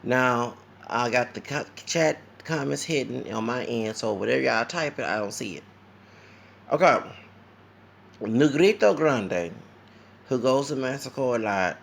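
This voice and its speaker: A tired man from Louisiana with a Louisiana accent, talking fast and rambling in an opinionated livestream monologue. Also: on the low side, vocal fry, slight background noise. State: tired, sleepy. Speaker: vlogger.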